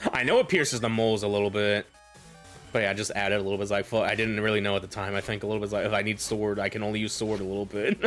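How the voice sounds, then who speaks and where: A streamer with a lowish, fairly bright voice chats casually over his own recorded gameplay. He rambles, laughs often and pads his sentences with filler, repeatedly saying "a little bit." Faint game music plays in the background.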